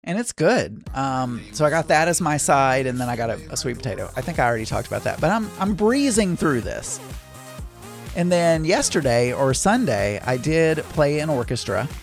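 A man's voice: a little high, big pitch swings, normal speed, vocal fry, soft background music. A man telling a casual story, rambling with many restarts and exasperated asides.

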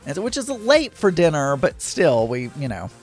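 A man's voice: a little high, wildly swooping pitch, normal speed, soft background music. A man casually telling a rambling story, with many restarts and asides.

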